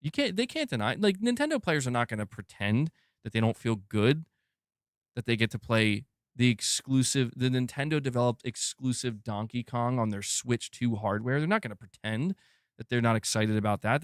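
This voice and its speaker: A man's voice: mid-range voice, normal speed, no echo, clean studio sound. A man hosting a gaming news stream, ranting in a casual, rambling way full of "like" and the odd curse word. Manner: rambling, animated, peppered with "like" and casual swearing. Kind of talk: casual opinion rant on a live stream.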